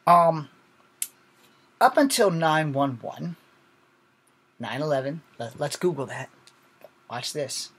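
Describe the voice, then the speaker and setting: A man with a somewhat high-pitched voice talks straight to his viewers in a loose, unscripted monologue. He is blunt and swears freely, wanders from point to point and keeps checking in with "all right?" and "okay?" asides. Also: animated, slow pace, long pauses, a bit bright, slightly rough. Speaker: video host. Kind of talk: casual monologue to camera.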